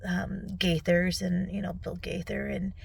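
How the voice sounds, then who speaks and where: A tearful middle-aged woman recording a personal video recap on her phone, speaking softly and often dropping to a whisper. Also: lowish voice, little pitch movement, unhurried, vocal fry, husky. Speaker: vlogger. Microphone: phone selfie video.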